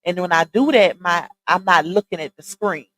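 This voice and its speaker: A woman with a Southern Louisiana accent hosting a live stream, chatting casually and straight to her viewers on a boom-arm mic. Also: normal speed, fairly bright tone, low-quality recording. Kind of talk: casual chat. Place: home streaming setup. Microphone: side-mounted boom arm mic.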